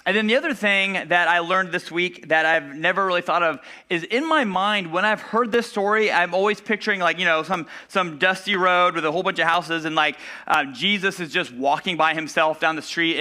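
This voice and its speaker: Man, pastor, conversational sermon, bright voice, slightly high pitch, church. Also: a little fast, few pauses. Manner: conversational, filler-heavy, acts out voices of Bible figures. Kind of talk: casual sermon.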